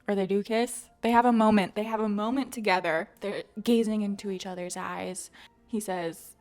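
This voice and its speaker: A woman host talks through a book recap in an easy, chatty way, full of fillers and little laughs. Her pitch sits in the middle. Faint music plays behind her. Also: steady tone, moderate pace, darkish tone.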